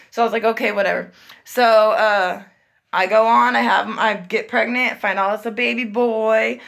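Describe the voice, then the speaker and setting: A woman's voice: medium pitch, creaky, sharp tone. A young woman telling a personal story in a casual, chatty vlog style, acting out the voices of people she quotes. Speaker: vlogger.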